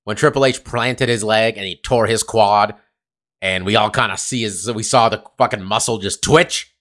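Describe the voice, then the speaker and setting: On the low side and a bit bright, a male co-host talks at a moderate pace on a California podcast. The chat is casual, meandering, profane, and heavy with fillers.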